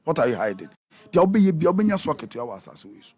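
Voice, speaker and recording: A man from Ghana with a Ghanaian accent, a pastor talking in a radio interview in an animated preaching manner, switching between Twi and English. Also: a little high, racing, husky, soft background music.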